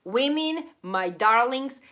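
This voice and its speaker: Effusive accented woman streamer, voice going hoarse, bright and a touch high. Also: expressive. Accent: non-native accent. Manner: rambling, effusive, quick laughs, lots of thank-yous. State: losing her voice. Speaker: channel host of a live stream. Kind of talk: casual live-stream chat reading viewer comments.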